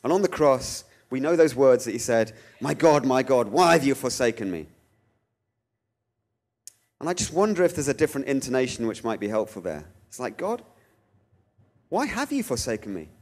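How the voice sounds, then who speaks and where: A man speaks at an ordinary middle pitch, giving a theological talk. He tells stories with lively rises and acts out the voices of the people he quotes. His delivery is animated and expressive. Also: fairly quick. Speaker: guest speaker.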